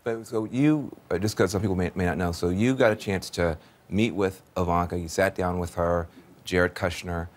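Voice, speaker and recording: A man with a fairly low voice hosts a talk show with guests in the studio. He speaks earnestly and with emphasis, and likes to tease his guest. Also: fairly even intonation, normal speed. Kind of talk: studio interview and show segments.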